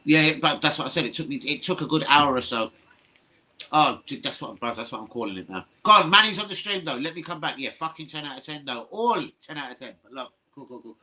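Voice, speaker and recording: A man's voice: a little high, expressive, fast, sharp tone. A man hosting a live fan reaction stream, stunned and swearing as he rambles to his viewers. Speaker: fan livestream host.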